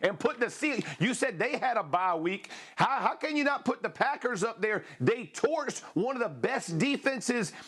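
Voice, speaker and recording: A man's voice: very high voice, expressive, moderate pace, few pauses, fairly bright tone. Emphatic man arguing football. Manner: emphatic, combative, colloquial. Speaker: sports analyst. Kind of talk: heated sports debate.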